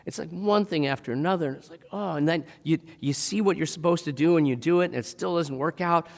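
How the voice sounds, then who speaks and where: Guy giving a chatty sermon, gravelly voice, long echo off the church walls. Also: fairly high pitch, fairly quick, darkish tone. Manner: conversational preaching with rhetorical questions. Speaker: pastor. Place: church sanctuary.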